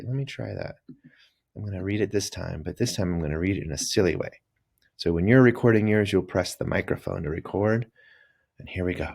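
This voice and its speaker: A man teaching a recorded reading lesson for children, talking straight to the kids in a lively, coaxing way. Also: deep voice, gravelly.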